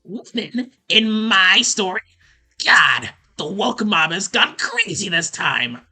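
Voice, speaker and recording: A man's voice: high-pitched, sing-song, slow, sharp tone, breathy edge, faint music behind, voice pushed up, full character voice. Caliborn, a man doing a deranged ranting villain. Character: deranged young male villain, gruff, ranting.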